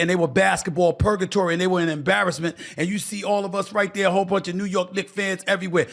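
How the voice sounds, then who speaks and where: Gravelly middle-aged guy on a sports show, fired up, punchy and emphatic, kinda high. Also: fairly bright tone. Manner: fiery, emphatic, preacher-like rhythm. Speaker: sports talk show host. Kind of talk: impassioned sports commentary.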